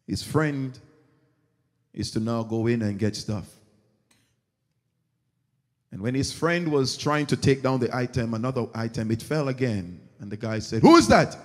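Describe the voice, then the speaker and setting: A man preaching a sermon as pastor, telling stories and acting out their characters. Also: mid-range voice. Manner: animated storytelling, acting out characters. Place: church sanctuary. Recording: long church reverb.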